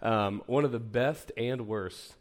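Slow and mid-pitched, a man's voice carries an informal teaching session for preachers in a camp meeting room. He talks casually, with self-deprecating asides and many false starts.

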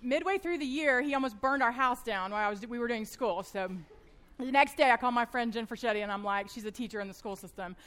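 High-voiced woman teaching a Bible study. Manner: fast-talking, animated storyteller. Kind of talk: church teaching talk with personal stories.

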